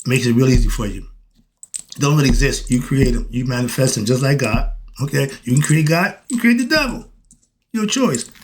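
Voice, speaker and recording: An older man giving a preachy spiritual monologue to his viewers, firing rhetorical questions and swinging between loud exasperation and quiet asides. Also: mid-range voice, lively intonation, normal speed, slight background noise. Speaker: self-styled spiritual teacher.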